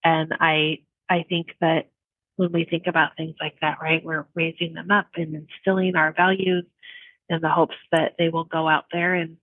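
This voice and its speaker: A middle-aged woman co-hosting a casual podcast chat, telling lively stories and laughing often. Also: low voice, normal speed, dry recording, narrow, tinny audio. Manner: animated storyteller, laughs often. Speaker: podcast co-host.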